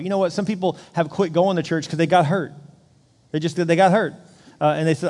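A male pastor giving an earnest sermon to his congregation, moving from a quiet interview into rousing exhortation. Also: on the high side, fairly even intonation, fast. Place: church auditorium. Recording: large hall reverb, soft music.

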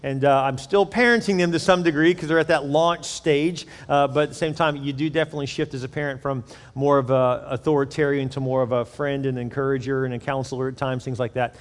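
A man's voice: mid-range voice, steady tone, fairly quick. A middle-aged man preaching a sermon as a pastor, in a candid, conversational, joking manner. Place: church auditorium. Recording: echoey hall.

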